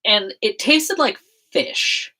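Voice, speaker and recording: A woman's voice: a little high, lively intonation, slow pace, pushed and bright, rough recording. A woman chatting casually on a livestream while she makes a zine, rambling with frequent laughs and self-corrections.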